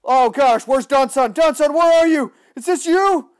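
A young man giving excitable live commentary on a shooter game, often yelling at opponents. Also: very high-pitched, a little slow, no room sound, clean studio sound. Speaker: livestreaming gamer.

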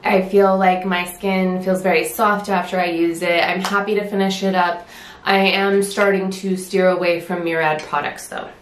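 A woman's voice: lowish voice, level tone, moderate pace, reverberant, a little hiss or hum. A woman chatting casually through a beauty product review, a little winded, with many fillers and restarts. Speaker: beauty vlogger.

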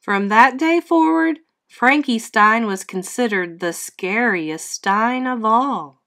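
A woman reading a children's storybook aloud in a slow, expressive, teacherly way. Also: fairly high pitch. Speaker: read-aloud host.

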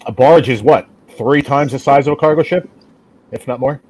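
A man's voice: medium pitch, normal speed, darkish tone, husky. Man, group chat host, teasing and crude, plenty of jokes.

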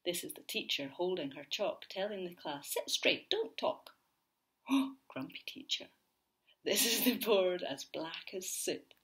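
A woman teacher reads a children's picture book aloud at a slow, unhurried pace. Her voice is a little husky and she often sinks into soft whispers as she talks to the young listeners. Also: lowish voice. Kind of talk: read-aloud storytelling for children.

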